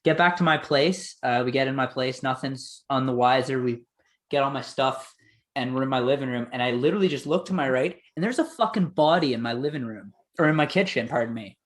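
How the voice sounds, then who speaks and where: A young man telling a story in casual chat on a podcast, swearing freely and quoting people in lively voices. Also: mid-range voice, fairly quick.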